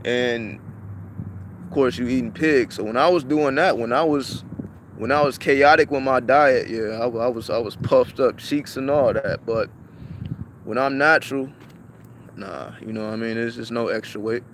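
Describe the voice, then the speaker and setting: Man, casual vlog storytelling, profane, repetitive restarts, average pitch, faint traffic in background. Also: moderate pace, a bit bright. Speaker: vlogger.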